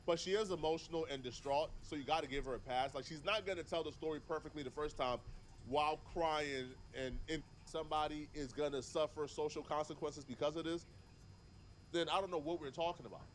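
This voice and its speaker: A man giving reaction commentary in a measured, deliberate way, laying out his argument step by step. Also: a little high, a little hiss or hum.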